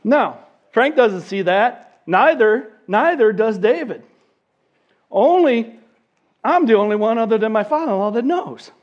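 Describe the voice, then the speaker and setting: A man's voice: high voice, dull audio. A man in his fifties telling a long story in a sermon and acting out the people in it.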